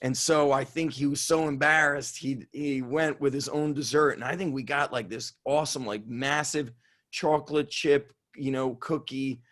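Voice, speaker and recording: A man who is a strength coach telling a story on an interview in an excitable way, swearing and laughing as he goes. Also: mid-range voice, moderate pace. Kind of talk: animated storytelling.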